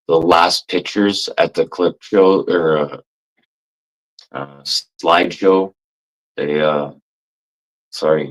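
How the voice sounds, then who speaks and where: A man's voice: rumbling low, rough recording. A man telling rambling, profane stories in a casual monologue, laughing as he goes. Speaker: livestream chatter.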